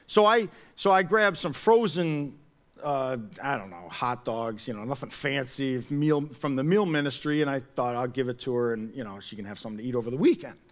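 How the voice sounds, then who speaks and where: A man preaching a sermon as pastor, telling a personal story in a chatty, animated way with many restarts. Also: medium pitch, brisk.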